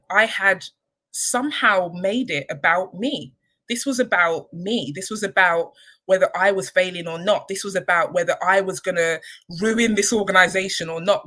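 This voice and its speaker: A woman, a charity leader, giving a candid, reflective personal talk with frequent pauses and ums. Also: mid-range voice, pushed and bright, rough recording. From United Kingdom. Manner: candid and reflective, many ums, emotional at times. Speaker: charity chief executive.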